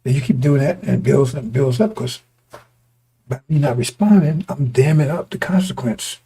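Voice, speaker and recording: Hoarse, gravelly male preacher. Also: mid-range voice, normal speed, dark tone. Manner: repetitive, stop-start, rhetorical questions to listeners. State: voice going hoarse. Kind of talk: street-style sermon to a congregation.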